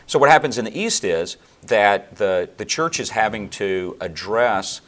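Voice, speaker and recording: A man answering interview questions on theology in a measured, lecturing way, with fillers and restarts. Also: fairly low pitch, animated, a bit bright. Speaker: theologian guest.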